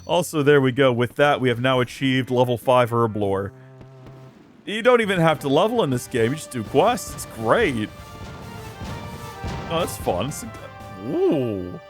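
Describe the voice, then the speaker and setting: A man's voice: mid-range voice, animated, moderate pace, long pauses, faint music behind. A man hosting a let's play video, commenting on a game in an exasperated, joking, rambling way.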